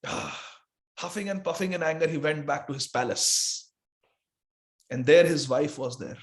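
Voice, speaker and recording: Male preacher, high voice, lively dramatic storyteller in a scripture class. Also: normal speed.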